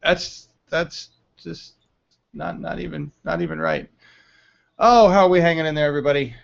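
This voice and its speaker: A man's voice: a little high, huge pitch swings, moderate pace, vocal fry, slight background noise. A man hosting a casual live stream, chatting, laughing often and reading the chat aloud. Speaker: livestream host. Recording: dull lo-fi stream audio.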